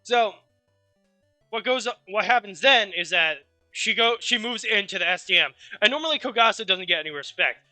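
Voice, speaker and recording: Bright, rambling male streamer. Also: high-pitched, normal speed, dry recording, faint music behind. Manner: rambling, animated, swears casually. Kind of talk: casual story recap.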